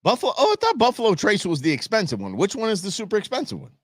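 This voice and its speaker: A man hosting a live stream, talking in a loose, rambling way full of restarts and jokey asides. His pitch swings up and down a lot as he gets worked up. The sound is close and dry, with no room echo. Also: wildly swooping pitch, very fast. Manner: jokey, opinionated banter. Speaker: host of a live election-night stream. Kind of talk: casual live-stream commentary.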